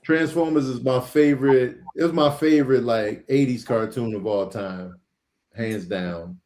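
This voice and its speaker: A man's voice: mid-range voice, measured pace. A man on a casual podcast panel, telling stories with energy and acting out what people said. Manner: animated storyteller, acts out what people said.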